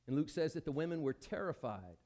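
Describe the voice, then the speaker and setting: A man's voice: a little high, very animated, fairly quick, a little mellow. A man preaching a sermon at a church service, talking conversationally and putting questions to the congregation. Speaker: pastor.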